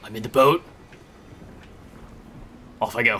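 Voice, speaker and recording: His pitch is medium and his intonation fairly even as this tired, early-morning gaming YouTuber offers casual, rambling commentary on his play. The pace is moderate with long pauses, the tone sharp, and he drifts into jokes and sing-song asides.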